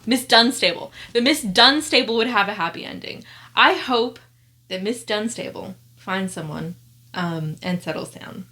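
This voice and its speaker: A woman's voice: mid-range voice, pushed and bright. Woman book vlogger, casual chat, reads blurbs aloud, lots of fillers and restarts. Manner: chatty, many fillers and self-corrections. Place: at home among piles of books.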